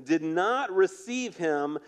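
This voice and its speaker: A man preaching a sermon in a casual, storytelling way, acting out the quotes and dropping to a hushed voice for emphasis. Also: high voice, takes it slowly, smooth. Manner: conversational, animated storytelling with acted quotes. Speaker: pastor.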